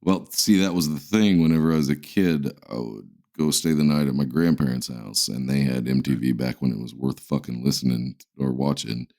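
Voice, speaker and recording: Super deep gravelly dude, laid back podcast cohost, swears a lot. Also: male voice, normal speed, few pauses, darkish tone. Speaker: podcast co-host. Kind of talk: casual chat.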